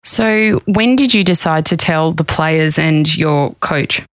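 A woman podcast host asking gentle, probing questions in an interview. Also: low voice, slow, dry recording, poor audio. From Australia.

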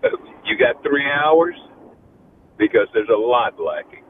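A man, a retired teacher, calling in to a talk radio show and speaking earnestly, halting a bit when pressed. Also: mid-range voice, very animated, far from the mic. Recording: tinny phone line with noise.

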